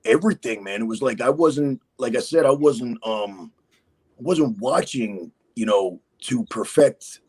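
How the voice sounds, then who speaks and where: A man's voice: mid-range voice, lively intonation, measured pace, darkish tone, breathy edge, rough recording. A man speaking as a podcast guest, rambling casually with many fillers. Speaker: guest impersonator. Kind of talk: casual interview chat.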